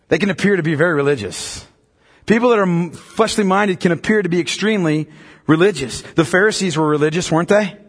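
A man preaching a sermon as pastor, emphatic and building to loud, pressing peaks. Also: high voice, slightly rough, big-room sound.

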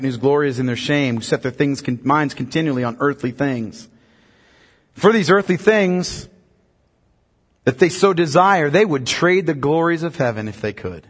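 A man preaching a sermon as pastor, emphatic and building to loud, pressing peaks. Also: on the high side, moderate pace, husky, big-room sound.

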